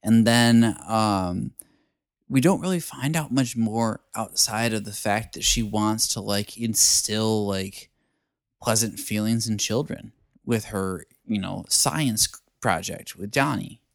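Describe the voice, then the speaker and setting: A man's voice: fairly low pitch, slow, gravelly, no echo, clean studio sound. A man co-hosting a podcast, rambling in casual chat with many fillers. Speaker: podcast co-host.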